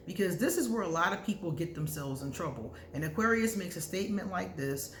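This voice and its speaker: A woman vlogger giving casual, candid astrology advice to camera, talking freely and breaking into loud laughter. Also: deep voice, echoey room, a little hiss or hum.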